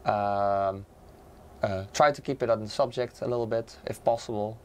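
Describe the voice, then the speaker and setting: A man co-hosting a casual livestream, hoarse and raspy from being sick, talking with lots of hesitant fillers and restarts. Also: fairly low pitch, steady tone, moderate pace, darkish tone, a little hiss or hum. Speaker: livestream co-host.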